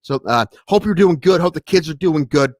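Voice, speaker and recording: A man hosting a solo stream, chatting casually and rambling from thought to thought, growing excitable as he tells stories. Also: on the high side, moderate pace, no room sound. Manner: scattered and rambling, with many restarts, then excitable when telling a story. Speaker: podcast host streaming solo.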